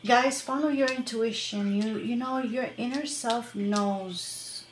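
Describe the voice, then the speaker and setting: A woman's voice: on the high side, takes it slowly, roomy sound, slight background noise. A woman tarot reader talking casually to her viewers, rambling and chatty, with many fillers and laughs. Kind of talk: casual tarot reading to camera.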